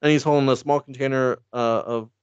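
A man's voice: medium pitch, fairly even intonation, a little fast, smooth, no room sound. A man casually retelling a story for laughs, rambling, swearing and laughing often. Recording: dull lo-fi dry sound.

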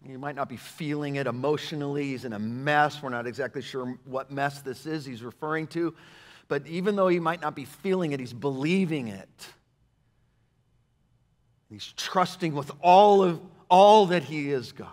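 Animated preaching man in a reverberant sanctuary. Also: fairly high pitch, moderate pace. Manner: animated, repeats words for emphasis, swings from loud to hushed. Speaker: pastor. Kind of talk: sermon. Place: church sanctuary.

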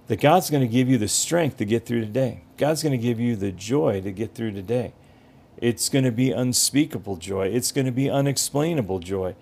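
A man's voice: mid-range voice, darkish tone, breathy edge. Earnest man preaching a podcast sermon. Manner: earnest, encouraging, repeats phrases for emphasis. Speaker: pastor and podcast host.

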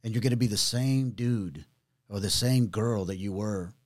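A middle-aged man, a pastor telling his testimony in a casual podcast conversation, animated and full of slang. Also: on the low side. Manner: animated storytelling, drawn-out words, casual slang.

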